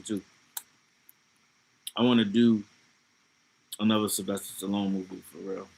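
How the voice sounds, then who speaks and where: Man, livestreamer, casual chat, profane and loose, laughing asides, bright edgy tone. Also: fairly low pitch.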